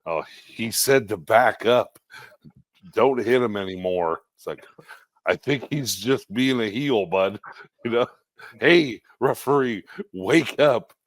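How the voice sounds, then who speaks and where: A man with a low voice co-hosting a casual wrestling podcast. He talks in a relaxed way and laughs often, and his voice sounds close and dry, with no room echo. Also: slow. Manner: laid-back, laughs often, calls people bud. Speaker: podcast co-host.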